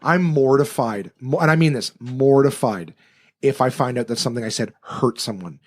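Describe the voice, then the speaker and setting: A man who is a comedian, telling a story on a podcast in casual chat, animated and swearing freely. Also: medium pitch, normal speed.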